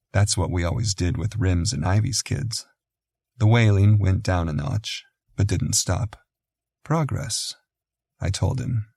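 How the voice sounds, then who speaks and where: A man narrating a first-person romance audiobook in a low, measured, quiet way. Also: gravelly, dry recording, studio quality.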